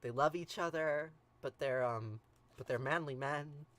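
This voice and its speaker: A man's voice: on the high side, measured pace, fairly bright tone. A man hosting a livestream, reading an ancient epic aloud with chatty, playful commentary and frequent giggles. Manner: chatty, giggly, addresses viewers by name.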